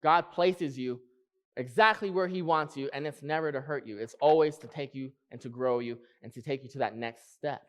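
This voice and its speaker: A man preaching a sermon in church, earnest, repeating key phrases and slowing down to stress them. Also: mid-range voice, fairly bright tone.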